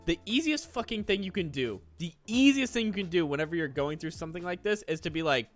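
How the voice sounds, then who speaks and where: Fast-talking young man, casual chat. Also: sits high, faint music behind. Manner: swears a lot, fast and animated. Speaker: podcast host.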